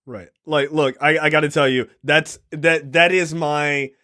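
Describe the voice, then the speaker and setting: A man's voice: a little high, fairly even intonation, unhurried, bright, forceful tone. A man co-hosting a casual film podcast, talking emphatically and swearing freely, recorded close and dry. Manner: emphatic and profane. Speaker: podcast co-host.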